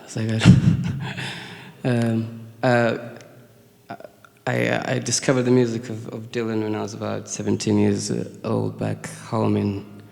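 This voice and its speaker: Gravelly man from Kenya on stage. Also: fairly low pitch, completely flat delivery, unhurried, darkish tone. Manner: hesitant, with many fillers and chuckles. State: nervous. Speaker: singer-songwriter performing live. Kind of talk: storytelling between songs on stage. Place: concert venue before an audience. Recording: long reverb of a live venue.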